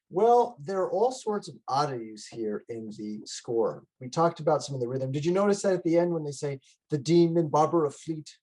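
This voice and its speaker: A man's voice: fairly high pitch, warm tone, poor audio. A man giving a conversational lecture on a musical, with frequent fillers and restarts. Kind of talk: casual lecture. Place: online library talk.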